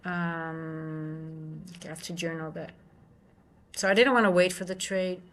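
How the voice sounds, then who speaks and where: A woman's voice: low voice, steady tone, unhurried. Dutch woman chatting through a live trading stream. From Netherlands. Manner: chatty, self-correcting, reads and answers live chat.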